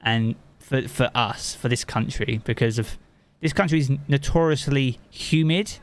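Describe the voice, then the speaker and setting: A man's voice: mid-range voice, a little slow. A man from England with a Southern English accent, a game streamer chatting casually with his live chat and swearing freely.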